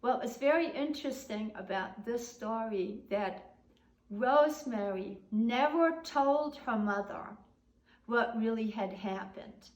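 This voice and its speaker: Older woman, oral history teller, conversational with quiet trailing ends; roomy echoey recording. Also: on the high side, slow pace. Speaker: storyteller. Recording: roomy echo.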